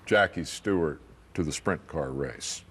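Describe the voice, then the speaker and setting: Deep-voiced TV host. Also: male voice, fairly bright tone, husky. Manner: measured, prompting questions. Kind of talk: TV interview and presenting.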